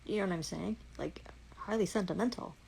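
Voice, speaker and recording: A woman's voice: medium pitch, fairly quick, vocal fry, a little mellow, husky, poor audio. A woman with a Canadian accent, swearing constantly in a heated, accusing rant on a livestream.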